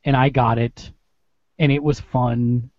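A man's voice: mid-range voice, little pitch movement, takes it slowly, dry recording, highs cut off. A man hosting a casual gaming podcast, joking and rambling as he hands the mic around. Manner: jokey, rambling, dad-joke teller. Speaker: podcast host.

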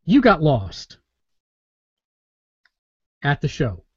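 A man hosts a podcast, prodding his co-hosts with jokes. His voice is high and swings widely in pitch. The sound is dull and lo-fi, with chatter from a crowd behind it. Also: wildly swooping pitch, very slow, slightly rough, no room sound. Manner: teasing, jokey. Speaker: podcast host. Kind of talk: casual podcast banter.

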